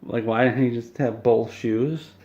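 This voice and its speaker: A man telling an absurd comic story in a rambling, self-deprecating deadpan, on a dull lo-fi home recording. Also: medium pitch, unhurried. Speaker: comedic storyteller.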